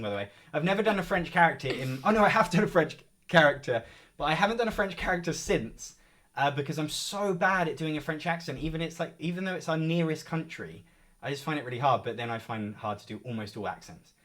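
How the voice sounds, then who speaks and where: A man's voice: on the high side, lively intonation, fast talker, a bit bright. A young man co-hosting a live game show stream, joking around and reading viewer comments aloud.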